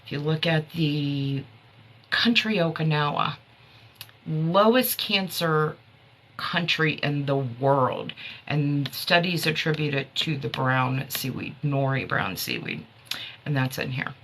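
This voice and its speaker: A woman's voice: sits low, expressive, slow pace, a bit bright, a little hiss or hum. A woman hosting a casual live stream, chatting with viewers about her herbal products, laughing often.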